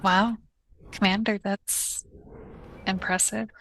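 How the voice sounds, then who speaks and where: A woman doing a slow, gravelly refugee bard. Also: mid-range voice, little pitch movement, a bit bright, soft background music, rough recording. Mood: earnest. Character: fiery young female refugee bard.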